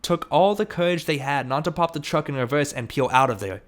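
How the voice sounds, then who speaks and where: A man narrating an audiobook, reading steadily and lifting his voice for shouted lines. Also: on the high side, a little fast. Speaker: audiobook reader.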